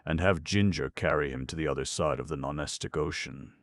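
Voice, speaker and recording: Storybook djinn wizard, small, jolly and fussy, gravelly tone, as a man puts him on. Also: very deep voice, fairly quick, no room sound, studio quality. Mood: agitated. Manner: exuberant, fussy exclamations. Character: little red male djinn wizard, jolly and excitable.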